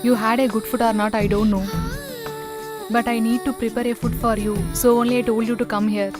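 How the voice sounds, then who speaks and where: An actress dubbing a caring young housewife in a film drama, speaking softly and coaxingly. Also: female voice, on the high side, flat delivery, a little fast, close to an everyday voice. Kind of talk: English dub of a film drama. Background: film music.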